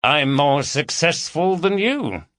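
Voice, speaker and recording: A man plays a wry young male detective around thirty, talking in a low-key, knowing way. The voice is bright and lively in pitch. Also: slow, dry recording, clean studio sound, full character voice.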